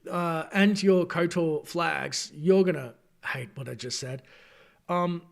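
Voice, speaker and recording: A man's voice: a little high, takes it slowly, gravelly. A man hosting a late-night gaming live stream, talking to chat in a rambling, chatty way and correcting himself as he goes, tired at this hour. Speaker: gaming channel host.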